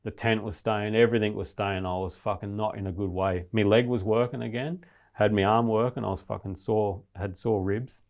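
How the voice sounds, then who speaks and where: Man, podcast guest, lowish voice, casual swearing, rambling story. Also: fairly even intonation, moderate pace, darkish tone. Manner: swears constantly, restless retelling of his ordeal.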